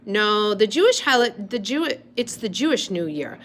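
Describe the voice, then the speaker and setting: A woman reading a storybook aloud, voicing a friendly, sensible young girl who speaks gently and reassuringly. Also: mid-range voice, sing-song, measured pace. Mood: matter-of-fact.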